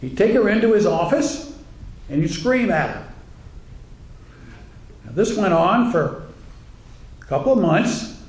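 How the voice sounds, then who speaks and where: A man's voice: high-pitched, big pitch swings, unhurried, pauses often. A male minister giving a humorous sermon in a wry, conversational way, acting out the voices he quotes. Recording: echoey room, faint ambience.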